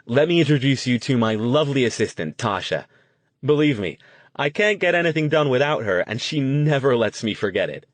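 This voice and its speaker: A man's voice: lively intonation, a little fast, dry recording, close to an everyday voice. A man voicing a flamboyant, enthusiastic young male stage magician in an audiobook. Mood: showy. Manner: booming, showy.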